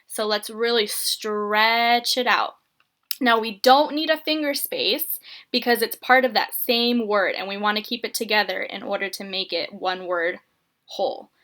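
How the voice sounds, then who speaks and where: A woman teacher giving a writing lesson to young children, speaking slowly and encouragingly and stretching out letter sounds. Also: mid-range voice, sharp tone.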